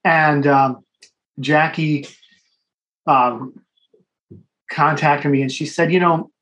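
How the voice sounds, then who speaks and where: A man's voice: fairly high pitch, fairly even intonation, slow, fairly bright tone, rough recording. A man, a professor guest on a podcast, explaining his work. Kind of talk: interview answers.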